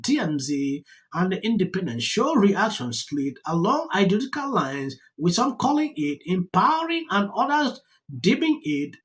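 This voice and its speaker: A news channel narrator reading commentary in a stiff, halting way, stumbling over words. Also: medium pitch.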